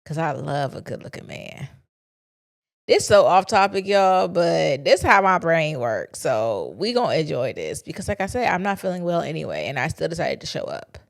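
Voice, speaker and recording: A woman's voice: low-pitched, very animated, moderate pace, vocal fry. A young woman, talking candidly to her listeners in a casual solo podcast. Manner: candid, chatty, confiding with listeners. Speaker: podcast host.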